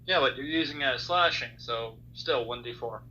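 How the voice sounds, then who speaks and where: Bright-voiced man game master. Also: medium pitch, normal speed, lo-fi sound, slight background noise. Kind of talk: ruling on game rules.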